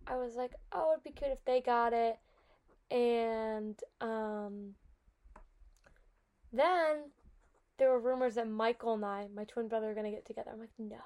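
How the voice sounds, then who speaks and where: A woman's voice: fairly high pitch, a little mellow. A young woman hosting her own podcast, chatting casually and dramatically retelling embarrassing school stories. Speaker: podcast host. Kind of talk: casual storytelling monologue.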